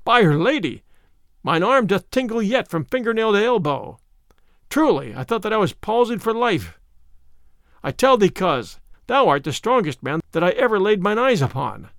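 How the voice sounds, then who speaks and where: A man's voice: high-pitched, big pitch swings, normal speed, a bit bright, dry recording, studio quality, voice pushed up, full character voice. A man voicing Robin Hood, a hearty, bold male outlaw leader who exclaims in old-fashioned speech. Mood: rueful.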